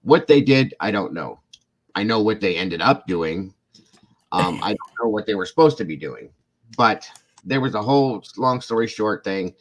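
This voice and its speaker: Man from Ohio, lowish voice, rambling guest storyteller, casual. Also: moderate pace. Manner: rambling, animated, acts out the people in his stories.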